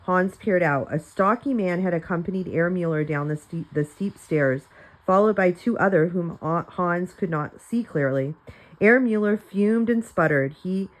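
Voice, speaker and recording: Lady reading a kids' chapter book aloud, lowish voice, easy storytelling. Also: measured pace, poor audio. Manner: plain storytelling with light character voices and small slips. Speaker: reader of a children's novel.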